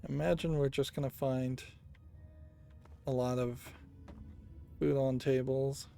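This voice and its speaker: Man, gameplay commentary, slow, musing hums, faint game music behind. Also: mid-range voice, level tone, gravelly, warm tone. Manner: unhurried, thinks aloud with musing hums. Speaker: let's play gamer.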